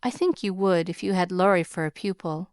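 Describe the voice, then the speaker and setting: A kind young tutor speaks with earnest, encouraging warmth, voiced by a woman. Her voice stays smooth and fairly low, recorded close and dry. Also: a little fast, no echo, lightly acted. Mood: gentle. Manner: encouraging, gentle.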